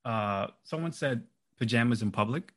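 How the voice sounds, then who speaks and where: An easygoing male podcast host steers the conversation and agrees readily with his guests. His voice sits at a middle pitch. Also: animated, moderate pace. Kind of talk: casual chat.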